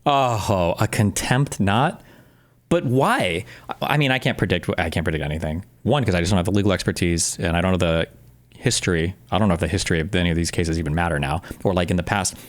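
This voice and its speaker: A man streaming, giving blunt, profane commentary while he reacts to a video. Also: deep voice. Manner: blunt, profane, rapid interjections. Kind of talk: casual live-stream commentary.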